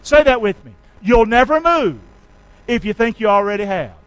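A male pastor preaching a sermon, leading his congregation in call-and-response and swinging from shouts to quiet asides. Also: sits high, big pitch swings, normal speed, clean tone, no echo, low-quality recording. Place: church sanctuary.

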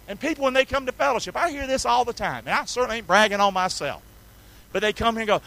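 A male pastor from North Carolina, preaching a sermon with enthusiasm, calling on the congregation to respond and swinging between loud and quiet passages. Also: extremely high pitch, lively intonation, quick pace, vocal fry, poor audio.

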